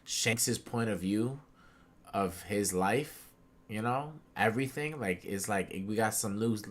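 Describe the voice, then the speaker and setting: A young man chatting casually on a podcast, excitable and slangy, acting out characters' lines with big swings in his voice. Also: on the low side, slow. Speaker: podcast co-host. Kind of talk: casual chat.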